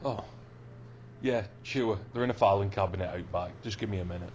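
An actor playing a grumpy, foul-mouthed young video shop clerk who mutters sarcastically. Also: male voice, on the low side, fairly quick, a little mellow, slight background noise, natural voice.

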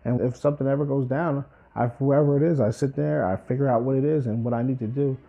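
This lo-fi clip has a fast-talking man with a creaky, mid-range voice. He's a twentysomething ex-college footballer from New Jersey, reflectively recounting his life and acting out what people told him with spirited voices.

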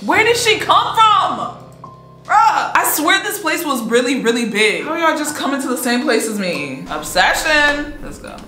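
A young woman streams a horror game, exclaiming and coaching herself through every scare. Her voice sits a bit high and swings widely in pitch. The room echoes, with game music running behind her. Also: very animated, moderate pace, few pauses, sharp tone. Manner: jumpy, exclaiming, self-talk, laughing nervously. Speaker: gaming streamer. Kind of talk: frightened live gameplay commentary. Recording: roomy echo.

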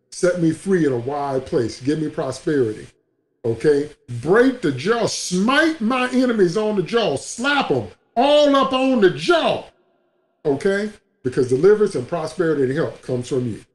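A man's voice: a little high, darkish tone, roomy sound. A man preaching a sermon as a pastor, emphatic and repetitive, in a livestream broadcast.

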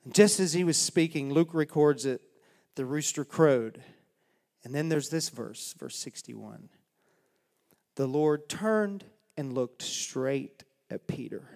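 With a fairly high, expressive, somewhat dark voice, a male pastor speaks slowly from the church sanctuary, telling a story in a dramatic, folksy manner during his sermon. The hall's long reverb is audible.

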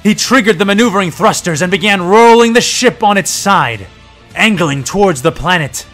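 A man narrating a story in audiobook style, with a fairly high voice and a steady, even delivery. Faint music plays behind him. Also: normal speed.

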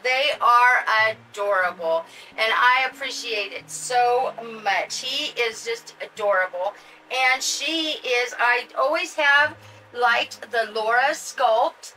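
An older woman hosts a casual unboxing vlog, gushing and chatty as she talks to her viewers. Her voice sits high and she takes her time. She sounds a little far from the mic, with soft music underneath. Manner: gushing, chatty, addresses viewers as you guys. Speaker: doll channel host.

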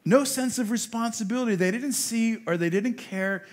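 A middle-aged man, a rabbi, preaching a sermon and telling a personal story, swinging from loud emphatic peaks to soft, quiet narration. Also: extremely high pitch, moderate pace.

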